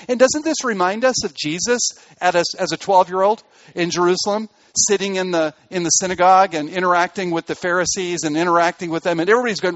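A man preaching a sermon in an earnest way, building to emphatic peaks and then dropping to quiet asides. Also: high-pitched, a little fast, dry recording, lo-fi sound. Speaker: pastor.

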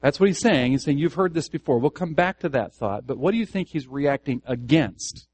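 A man's voice: medium pitch, animated, normal speed, darkish tone, dry recording. Earnest male Bible teacher, dry room. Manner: earnest, asks the room questions and restarts phrases. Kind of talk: Bible study teaching to a congregation. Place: church meeting room.

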